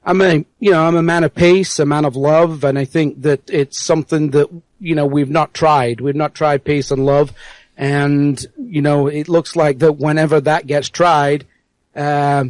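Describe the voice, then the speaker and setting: Radio interview guest, male, mid-Atlantic accent with a Yorkshire tinge, slightly high pitch, earnest and hesitant. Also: darkish tone, no echo, rough recording. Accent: mid-Atlantic with Yorkshire and American traces. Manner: earnest, measured, with frequent fillers.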